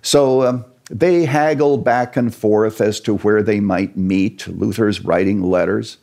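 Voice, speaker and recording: Low, gravelly male guest lecturer, earnest storyteller. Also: slow pace. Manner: animated, earnest storyteller with jokes. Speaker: church historian guest.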